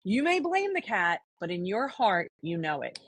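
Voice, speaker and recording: A woman co-hosts a podcast, speaking earnestly and reflectively in casual conversation and often restarting her sentences. Her medium-pitched voice is sing-song and fairly bright, at normal speed, with no room sound.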